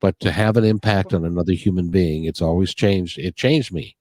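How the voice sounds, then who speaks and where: A man's voice: deep voice, normal speed, darkish tone, no echo. A man hosting a podcast interview, talking in an earnest, rambling way full of restarts. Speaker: podcast host. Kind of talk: casual interview talk. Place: near Puget Sound.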